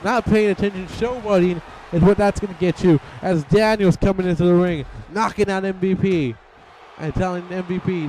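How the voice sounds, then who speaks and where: A man's voice: sits high, steady tone, a little mellow, a little hiss or hum, rough recording. A young man giving rambling, playful play-by-play commentary over a wrestling video game, often putting words in the wrestlers' mouths. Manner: rambling and playful, voicing wrestlers' thoughts in quick asides.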